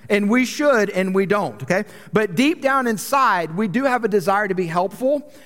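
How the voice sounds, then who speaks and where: High-voiced pastor joking from the pulpit. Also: male voice, animated, normal speed, a bit bright. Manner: joking, self-deprecating, chatty. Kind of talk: conversational sermon. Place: church sanctuary. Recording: long reverb of a large church hall.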